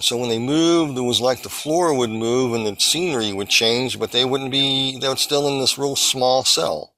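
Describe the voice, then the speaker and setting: A man earnestly recounting a vision as testimony, halting and restarting as he searches for words. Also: mid-range voice, pushed and bright, low-quality recording.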